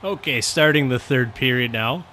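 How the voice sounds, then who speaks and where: Young male gamer, bright and forceful, casual rambling commentary with excited outbursts, faint background noise. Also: medium pitch, moderate pace. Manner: rambling, chatty, bursts of excitement at saves. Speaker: gaming commentator.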